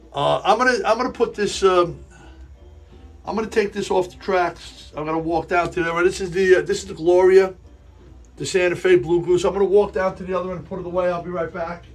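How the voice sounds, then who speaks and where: High-voiced sniffly man, rambling live chat. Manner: rambling, halting, repeats himself. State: sniffly and sneezing. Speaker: livestream host running a model railroad. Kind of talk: casual live-stream chat while working. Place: indoor room with a model railroad layout. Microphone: earpiece in ear.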